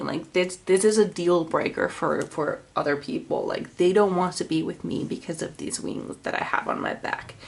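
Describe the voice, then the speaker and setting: A woman giving a casual tarot reading, dreamy and rambling with sighs. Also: medium pitch. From Finland. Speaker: tarot reader.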